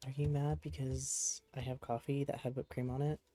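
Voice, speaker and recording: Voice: mid-range voice, flat delivery, normal speed, mellow, low-quality recording. A streamer chatting casually while playing a game at a home desk, cooing to a pet cat between musing remarks.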